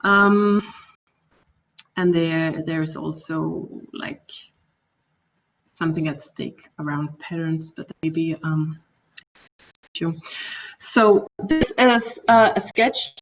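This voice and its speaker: Danish-accented woman lecturer, slow and halting, fairly low voice, heard from a distance on a muffled recording. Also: a little hiss or hum. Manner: hesitant, many fillers and restarts. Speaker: architecture lecturer. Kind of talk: academic talk.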